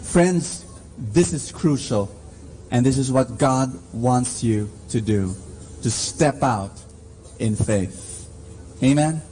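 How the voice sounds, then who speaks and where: A man preaching a sermon in a church, slow and emphatic, calling to the congregation for responses. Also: mid-range voice, warm tone, a little hiss or hum.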